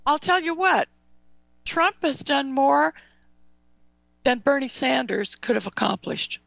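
A high-pitched woman with a gravelly edge, ranting on talk radio with heated frustration and quick apologies. Her voice comes through dry, as if close to the mic. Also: lively intonation, a bit bright, no room sound. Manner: angry, ranting, apologetic asides. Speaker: radio show host. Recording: dull dry radio audio.

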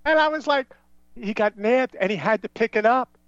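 As a show guest, this man tells meandering stories that keep veering off onto new tangents, in an animated, conspiratorial way. His voice is very high-pitched and moves at a moderate pace. The recording sounds dull and lo-fi, with no room sound.

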